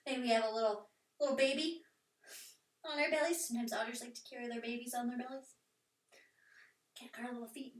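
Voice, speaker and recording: A woman teaching a playful children's yoga session, talking in a sing-song voice that sometimes drops to soft whispers. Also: on the high side, fairly even intonation, fairly quick, long pauses. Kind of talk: guided kids' yoga with animal play. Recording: echoey room, voice from a distance.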